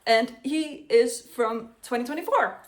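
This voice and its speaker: A woman's voice: on the high side, a little slow. A woman in her twenties talking casually to the camera as a vlogger. She is chatty and blunt, swears freely, and speaks to her younger self. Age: 20s.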